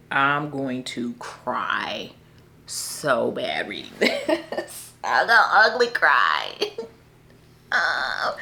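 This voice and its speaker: A young woman vlogging casually about her book picks, animated and laughing often as she talks to viewers. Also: sits low. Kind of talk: casual chat to camera.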